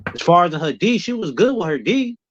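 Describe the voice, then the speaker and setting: A man's voice: high-pitched, very animated, quick pace, dry recording. A man, a guest in a casual sports chat, talking bluntly with a teasing edge. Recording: dull, lo-fi call audio.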